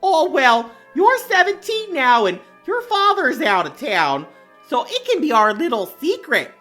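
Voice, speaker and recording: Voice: high-pitched, big pitch swings, unhurried, sharp tone, soft background music, heavily acted. A comedian voicing a prim, churchy middle-aged mom with a folksy Minnesotan accent, sing-song and prudish in a comedy sketch. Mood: sweet.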